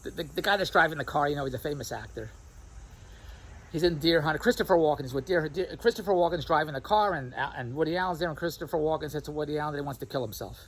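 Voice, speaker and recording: Brisk animated male vlogger, rapid ranting delivery, faint noise behind. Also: fairly high pitch, rough recording. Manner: animated, repetitive, mimics others' voices. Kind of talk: rambling self-recorded monologue.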